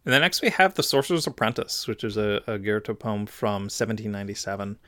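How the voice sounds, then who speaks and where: A male podcast co-host in casual chat, animated and joking, leaning on filler words. His voice is bright and crisp. It is clear and smooth. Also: lowish voice, brisk. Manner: animated, jokey, filler-heavy.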